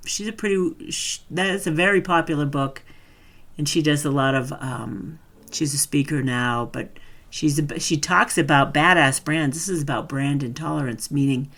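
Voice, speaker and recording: A woman's voice: low-pitched, a bit bright. Chatty woman coaching on branding. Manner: chatty, loose and conversational, thinking aloud. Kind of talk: casual webinar teaching.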